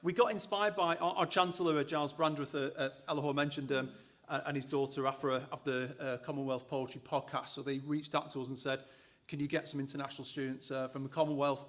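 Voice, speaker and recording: Male co-host, chatty, fillers and restarts, fairly high pitch. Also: fairly even intonation, fast talker, a bit bright. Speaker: co-host, associate dean. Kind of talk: live show hosting.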